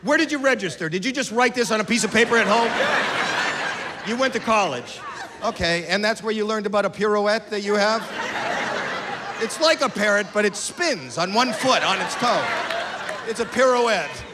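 An older man doing stand-up crowd work at a comedy club, loud and incredulous, shouting at an audience member. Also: sits high, moderate pace. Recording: reverberant club, crowd noise. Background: laughing crowd.

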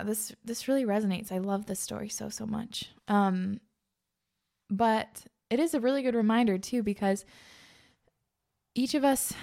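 Gushing woman podcast host with vocal fry. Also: mid-range voice, a little mellow. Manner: gushing, earnest, full of "like" and "um". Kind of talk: casual spiritual podcast chat.

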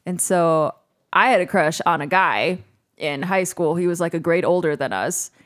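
A woman in her thirties co-hosting a casual chat, telling an animated story with frequent laughter. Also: on the low side, moderate pace.

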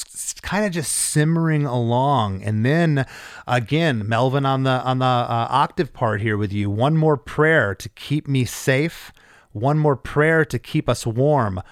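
A man's voice: mid-range voice, measured pace, no echo. A man with a mid-range voice hosts a podcast and talks keenly through the parts of a song. The recording is dry and close. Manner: enthusiastic, describes the music in detail. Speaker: podcast host. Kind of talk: casual track-by-track commentary.

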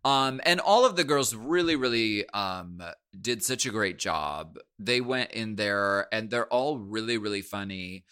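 A man's voice: on the low side, measured pace, hardly any pauses, pushed and bright, clean tone. A man co-hosting a podcast in playful, giggly, joking chat. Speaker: podcast co-host. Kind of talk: casual comedic chat.

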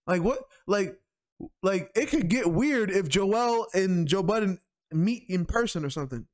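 A man co-hosting a podcast, talking in a rambling, animated way, full of profane slang. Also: high-pitched, measured pace. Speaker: podcast co-host. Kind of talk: casual chat.

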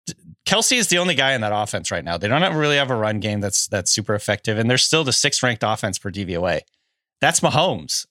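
Man, podcast co-host, bright forceful tone, hesitant hedging chat, dry studio sound. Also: lowish voice, no echo. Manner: hesitant, hedging, laughs often. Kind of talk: casual sports chat.

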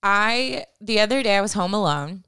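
An enthusiastic woman co-hosting a podcast, who tells stories in an animated way. Her voice is smooth and clear, at an ordinary pitch. It is recorded dry and close. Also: moderate pace, dry recording. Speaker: podcast co-host. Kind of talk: casual chat.

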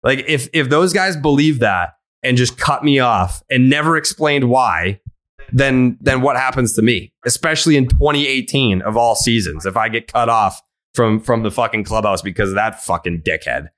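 A man's voice: mid-range voice, expressive, moderate pace, fairly bright tone. A man telling a long story on a podcast, rambling and profane, filling it with "like" and quoting himself and others. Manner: rambling, profane, many "like" fillers, quotes himself. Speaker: podcast host.

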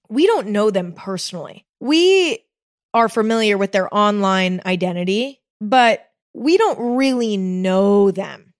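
A woman's voice: medium pitch, dry recording, clean studio sound. A woman hosting a solo podcast, talking in a casual, chatty way that often checks in with the listener. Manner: chatty, conversational, with frequent "you know" and "okay?". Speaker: podcast host.

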